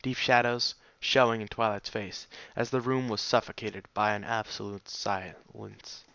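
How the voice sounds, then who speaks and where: A man narrates a fan fiction story in a steady, measured way. His voice is bright and forceful, captured dry and close. The sound is dull and lo-fi. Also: fairly low pitch, creaky, clean tone, no echo. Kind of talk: audiobook reading of fan fiction.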